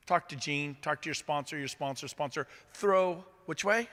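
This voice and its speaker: A man's voice: a little high, normal speed. Upbeat man speaking in a reverberant hall. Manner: energetic, upbeat, asks the audience questions. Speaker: motivational speaker. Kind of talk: motivational stage talk.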